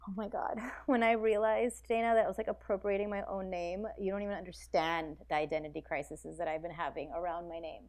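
A woman's voice: lowish voice, fairly quick, few pauses. An American woman guest on a podcast, talking in a casual, reflective way with lots of "like" and restarts. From United States. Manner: animated, reflective, full of "like" and restarts. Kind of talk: casual interview chat.

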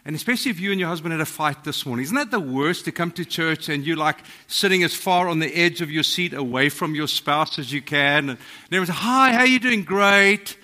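A man's voice: a little high, fairly quick, few pauses, pushed and bright. A man in his sixties with a South African accent, preaching a humorous, self-deprecating sermon in a church. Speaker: guest preacher. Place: church hall.

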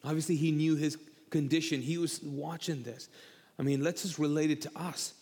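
A male pastor preaching a sermon and chatting with a co-host. He is animated, repeats himself and acts out quotes. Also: on the high side, moderate pace, breathy edge. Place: church auditorium. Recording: long hall reverb.

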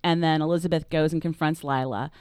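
A woman's voice: deep voice, steady tone, fast talker, darkish tone, clear, resonant tone, dry recording, studio quality. A woman co-hosting a podcast, recapping a book plot in casual chat and acting out the characters' lines. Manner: chatty, acts out characters' lines. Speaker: podcast co-host.

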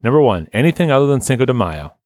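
Man, podcast host, casual rambling chat, mid-pitched voice, dry close sound. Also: very animated, quick pace, a little mellow, no room sound. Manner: loose, rambling, swears casually. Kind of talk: casual chat, reading listener lists.

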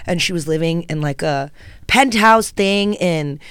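A woman comedian telling stories in a casual chat, slipping into animated quoted voices. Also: on the low side, measured pace, clear, resonant tone, dry recording, clean studio sound. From United States. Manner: animated, breaks into acted Italian and quoted voices. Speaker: comedian guest.

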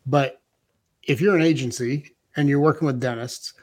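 A man's voice: mid-range voice, moderate pace. A man co-hosting a business podcast who is losing his voice and asks casual follow-up questions. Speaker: podcast co-host.

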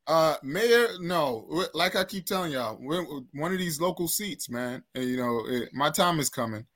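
A man guesting on a casual podcast chat, earnest and thoughtful, speaking in measured phrases. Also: a little high, expressive, a bit bright. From United States, born to Trinidadian parents.

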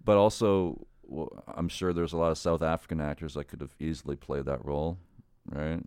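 A man with a very deep, low voice joins a casual movie debate. He speaks haltingly and searches for his words mid-sentence. The sound is dry and close to the mic. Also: fairly even intonation, darkish tone, clear, resonant tone, no room sound. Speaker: podcast co-host.

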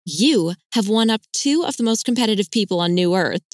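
A woman's voice: medium pitch, lively intonation, fairly quick, no room sound, studio quality, voice pushed up, natural voice. A woman reading aloud voices a bubbly, teasing young woman in an audiobook. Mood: delighted. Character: warm lively young woman, artist sister.

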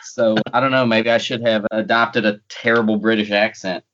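A man's voice: on the low side, flat delivery, moderate pace, fairly bright tone, dull audio. A man with a light North Carolina accent, a guest in a casual interview, talking with dry, self-deprecating humor.

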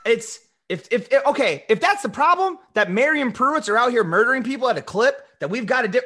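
A man's voice: very high-pitched, animated, fairly quick, sharp tone. A man co-hosting a podcast, joking animatedly in casual banter with frequent stammered restarts. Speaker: podcast co-host.

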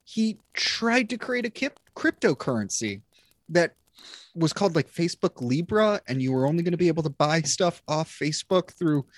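A podcast host in their thirties chatting casually, animated and ranting, with some swearing. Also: medium pitch, moderate pace, no echo. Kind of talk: casual chat.

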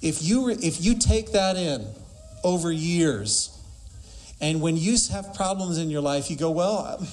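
A man's voice: on the high side, unhurried, a little mellow. A man preaching a sermon emphatically, asking rhetorical questions and quoting scripture.

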